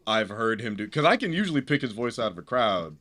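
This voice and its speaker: Bright-toned man chiming in casually. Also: fairly low pitch, quick pace. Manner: relaxed, agreeable, chiming in. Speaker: podcast co-host. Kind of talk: casual review chat.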